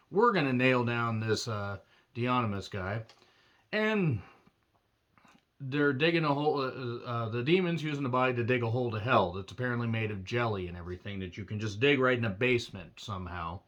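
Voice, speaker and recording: A man's voice: medium pitch, a bit bright. A man giving a casual, rambling movie review with wry asides and self-corrections, his throat a little strained. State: throat strained from doing a demon voice.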